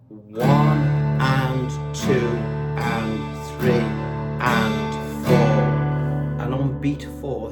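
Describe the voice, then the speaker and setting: A man giving a patient, step-by-step guitar lesson and counting the beats aloud. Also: on the low side. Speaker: guitar teacher. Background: his own guitar playing.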